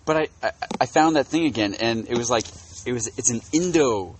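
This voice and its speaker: A man co-hosting a casual podcast outdoors on the grass, telling stories in a rambling, halting way with lots of restarts. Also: medium pitch, a little hiss or hum. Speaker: podcast co-host. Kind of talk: casual chat. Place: outdoors on grass in a field full of bugs.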